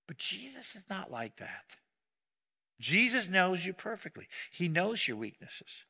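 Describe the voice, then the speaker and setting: A man delivers an earnest sermon in a high, very bright voice. He swings from loud emphasis to near-hushed softness, and a long hall reverb trails his words. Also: sing-song, moderate pace, vocal fry. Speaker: pastor.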